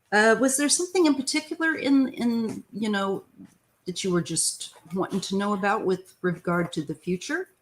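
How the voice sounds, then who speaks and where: Chatty woman greeting live viewers. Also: on the low side. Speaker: tarot reader hosting a live chat. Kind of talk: casual live-stream chat. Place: home, near the front door.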